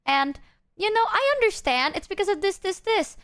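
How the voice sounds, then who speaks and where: A woman's voice: very high-pitched, animated, normal speed, fairly bright tone. A young woman streamer chatting casually with her viewers, rambling and self-deprecating, swearing freely and acting out people she quotes. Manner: quotes people in exaggerated put-on voices.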